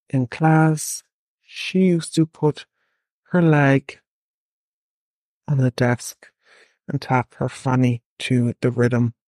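Slow, halting man telling a story. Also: mid-range voice, a little mellow, dry recording. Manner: halting, pausing between phrases. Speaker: listener sending a voice note. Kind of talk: storytelling voice note.

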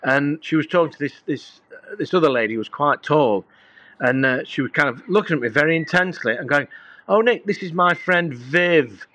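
A man's voice: on the high side, fairly quick, pushed and bright, no room sound. A middle-aged man, a guest musician, telling rambling anecdotes in casual conversation with many fillers and restarts.

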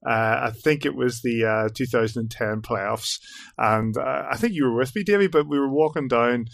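Male podcast host, lively storyteller, dry close recording. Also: mid-range voice, normal speed, vocal fry, no echo. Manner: animated storyteller, leads the discussion. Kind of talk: casual chat.

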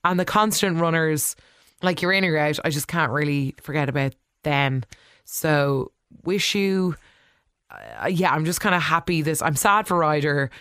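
Casual soap recap, chatty vlogger, opinionated, smooth voice, dry room. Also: mid-range voice, a little slow, a bit bright, no echo. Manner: chatty, opinionated, full of "like" and asides; talks back to the characters.

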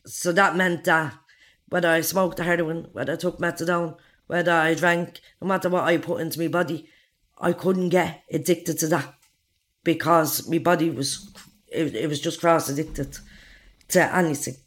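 With a low-pitched, steady tone at normal speed, a woman in her forties with an Irish accent gives an interview about her own life. She doesn't mince words, swears freely, and performs others' dialogue.

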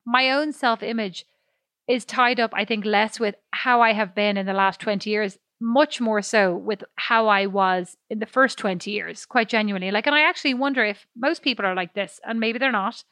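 A woman's voice: mid-range voice, moderate pace, pushed and bright, no room sound, clean studio sound. A woman co-hosting a podcast, chatting casually in a rambling, self-deprecating way and swearing freely. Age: adult. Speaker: podcast co-host. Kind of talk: casual chat.

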